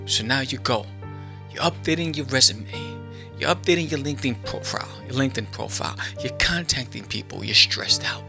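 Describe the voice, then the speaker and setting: Animated bright-voiced male podcast host. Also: mid-range voice, moderate pace, gravelly, long pauses, faint music behind. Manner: animated, acts out inner thoughts in quotes. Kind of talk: motivational talk to listeners.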